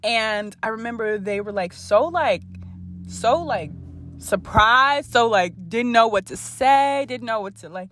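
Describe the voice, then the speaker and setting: A woman in her twenties hosting a podcast, telling a candid personal story in a blunt, profane, animated way. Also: fairly high pitch, a little slow, slight background noise. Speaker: podcast host.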